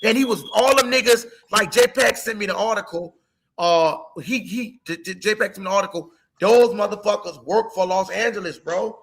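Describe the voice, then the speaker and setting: A man's voice: high voice, moderate pace, fairly bright tone. A man ranting heatedly about football in a casual sports talk, profane and emotional. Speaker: co-host.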